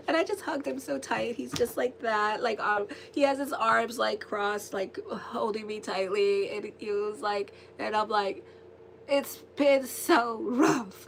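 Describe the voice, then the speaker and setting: A woman astrologer giving a casual, rambling tarot and horoscope reading, chatty and quick to laugh. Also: medium pitch, a little hiss or hum.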